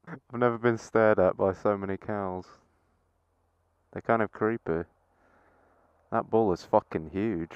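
A man's voice: on the low side, fairly even intonation, unhurried, pauses often, clean tone, no echo. A man, a motorcycle vlogger giving playful, sweary commentary and cooing baby-talk at cows. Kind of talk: casual helmet-cam commentary. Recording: dull lo-fi helmet-cam audio.

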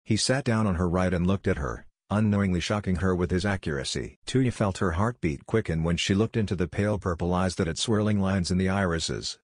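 A man narrating a fan-fiction story in an even, storytelling manner. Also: low-pitched, a little fast, hardly any pauses, no room sound, studio quality.

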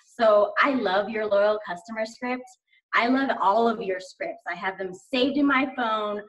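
A woman's voice: medium pitch, unhurried, a bit bright, far from the mic, poor audio. A woman guest chatting casually in an interview, enthusiastic and rambling with lots of fillers. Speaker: guest sharing sales tips.

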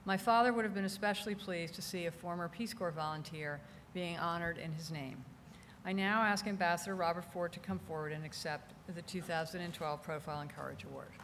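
A woman's voice: fairly low pitch, a little fast, a bit bright. A woman presenting an award at a formal ceremony, speaking in a composed, formal way. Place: large ceremony hall. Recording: long hall reverb, faint noise.

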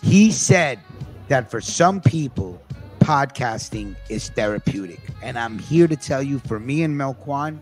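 Man, podcast host, lively swooping pitch, rambling and profane, faint music behind. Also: a little slow. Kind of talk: casual podcast chat.

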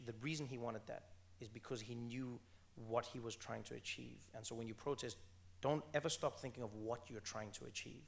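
Gravelly South African man, earnest. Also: medium pitch, fairly even intonation, a little fast. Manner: earnest and emphatic, repeats phrases for stress. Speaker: author guest at a book event. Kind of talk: onstage conversation.

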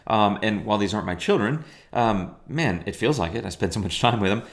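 A man's voice: on the low side, expressive, fairly quick. A middle-aged man teaching photo editing in a chatty, enthusiastic way, full of fillers. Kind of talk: casual software tutorial.

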